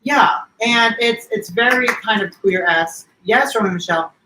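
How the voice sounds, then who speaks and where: A man co-hosting a podcast in casual chat, enthusiastic and quick to chime in. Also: high-pitched. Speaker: podcast co-host. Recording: roomy echo with faint noise.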